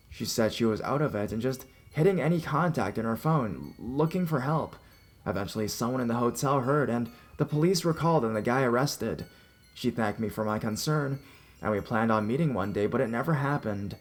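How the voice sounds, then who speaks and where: A man narrating a scripted horror story in a measured storytelling delivery. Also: mid-range voice, animated, faint music behind.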